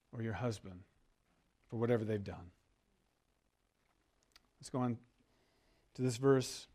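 A man's voice: medium pitch, a little mellow. A man preaching a sermon as a pastor, earnest and leading his listeners to repeat words with him. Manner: earnest, leads congregation call-and-response.

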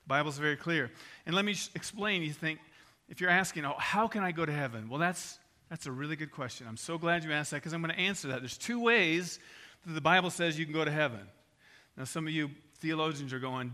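An older man preaching an evangelistic sermon in a conversational, animated way, mixing scripture with personal stories. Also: on the high side, a little fast.

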